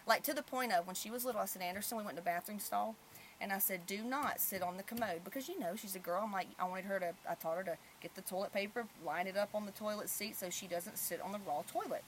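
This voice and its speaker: Animated mother hosting a podcast. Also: medium pitch, fast talker, slight background noise. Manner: animated storyteller, swings loud when telling stories. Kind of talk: casual podcast chat.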